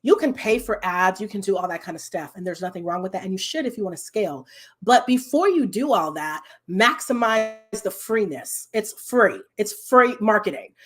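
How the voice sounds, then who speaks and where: A woman's voice: mid-range voice, animated, normal speed, breathy edge. A woman business coach hosting a live stream, chatting casually and animatedly with her viewers and laughing often.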